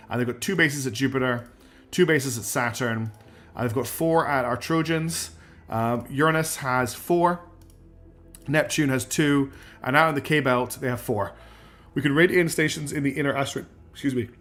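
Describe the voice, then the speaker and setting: A man's voice: mid-range voice, a bit bright. A man streaming live, thinking aloud through his gameplay and chatting back to viewers. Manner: thinks aloud while playing and answers chat.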